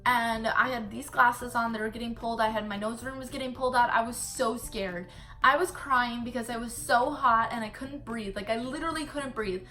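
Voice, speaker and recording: A young woman vlogging, her slightly high voice bright and sharp. She chats through the story in an animated way, scattering "like" everywhere, with faint music in the background. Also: a little fast. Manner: chatty, animated retelling full of "like" fillers. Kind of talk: casual storytelling vlog.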